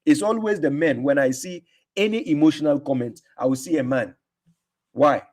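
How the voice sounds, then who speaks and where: A man's voice: a little high, moderate pace, darkish tone. A man hosting a livestream, combative and mocking, repeating himself for emphasis. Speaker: livestream host answering comments. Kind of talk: casual livestream talk.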